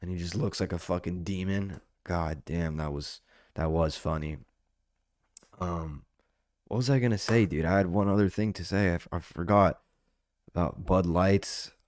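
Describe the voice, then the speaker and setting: A man's voice: sits low, moderate pace, darkish tone, no room sound, clean studio sound. A young adult man hosting a solo podcast, rambling casually and swearing, saying "dude" constantly. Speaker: podcast host. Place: indoor podcast setup under lights.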